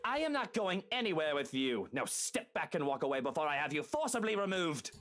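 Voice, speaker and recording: A man voicing a haughty wealthy gentleman with an imperious, indignant way of talking. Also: a little high, very animated, brisk, over music. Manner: imperious, indignant, swearing when scared. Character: haughty wealthy young gentleman, easily rattled.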